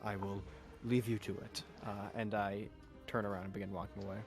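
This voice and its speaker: Laid-back guy playing tabletop, lowish voice, bit of music behind. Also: little pitch movement, fairly quick. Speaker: player.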